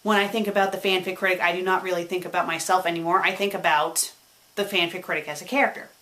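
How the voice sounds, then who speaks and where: A woman who runs a web show, answering her viewers' questions in a casual vlog. She talks in an animated way, swings between excited and subdued, and repeats words when she stumbles. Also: on the low side, fast talker.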